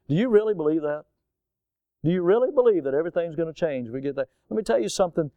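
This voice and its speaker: A man's voice: a little high, expressive, very fast, dark tone, no room sound, studio quality. A man preaching a sermon with a rising and falling cadence and frequent rhetorical questions. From United States. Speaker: pastor.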